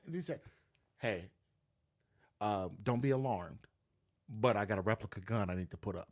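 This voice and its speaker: A man with a somewhat low voice tells stories casually as an interview guest. He talks with energy and switches his pitch sharply when he imitates the people in his stories. His tone is relaxed and conversational. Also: fairly quick, pauses often. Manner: animated, acts out quoted voices with big pitch jumps. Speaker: notary business owner, guest.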